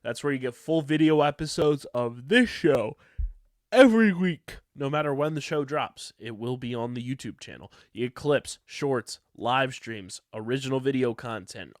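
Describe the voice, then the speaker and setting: A man with a mid-range voice hosts a podcast, recorded dry with clean studio sound. Though tired late at night, he reviews an episode enthusiastically and reads ads fast and with energy.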